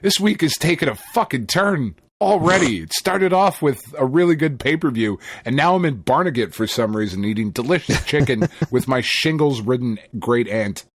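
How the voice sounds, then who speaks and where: A man's voice: fairly high pitch, lively intonation, a little fast, hardly any pauses, no echo. A man co-hosting a podcast, telling a story in casual, profane chat and laughing often. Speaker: podcast co-host.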